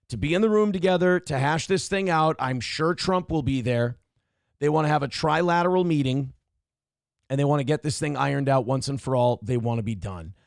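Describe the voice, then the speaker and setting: A man's voice: fairly high pitch, vocal fry, no room sound, clean studio sound. A man hosting a morning show, giving blunt, profane and sarcastic commentary on the news.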